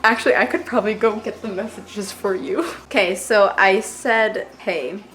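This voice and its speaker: Speaking at medium pitch with a steady, fairly bright tone and moderate pace, a teenage vlogger chats to the camera. Her storytelling wanders, packed with "like" and other fillers plus jokes at her own expense.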